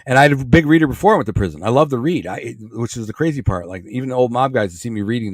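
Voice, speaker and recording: A man's voice: mid-range voice, animated, very fast, hardly any pauses, dry recording, clean studio sound. A middle-aged man from Michigan with a Michigan accent, telling a rambling story in blunt, streetwise words as a podcast guest. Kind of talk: casual storytelling.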